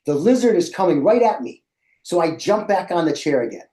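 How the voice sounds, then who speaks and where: A middle-aged man tells a lively story to a room of educators, acting out his own reactions. His voice is mellow and warm, and his pitch rises and falls a lot. The sound bounces around an echoey room. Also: fairly quick. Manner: animated, acts out his own past reactions. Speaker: presenter for educators. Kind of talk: storytelling in a presentation.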